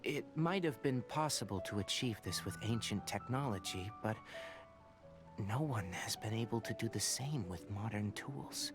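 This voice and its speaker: A calm, somber young scholar in a game, explaining things in a measured, fairly low voice. Soft music sits behind him. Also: male voice.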